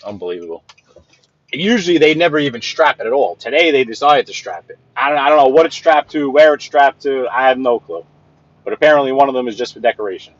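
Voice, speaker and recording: A man's voice: medium pitch, expressive, fast talker, dry recording, muffled recording. A man venting while he drives, talking to chat in a live driving vlog and repeating himself as he rants. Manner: exasperated ranting, repeats himself. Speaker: livestreamer and sales rep. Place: inside a moving vehicle.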